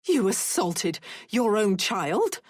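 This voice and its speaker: A woman's voice: medium pitch, big pitch swings, slow, husky, no room sound, clean studio sound, exaggerated voice. A woman voicing a stern mother who questions coldly and sharply. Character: stern mother, cold and demanding.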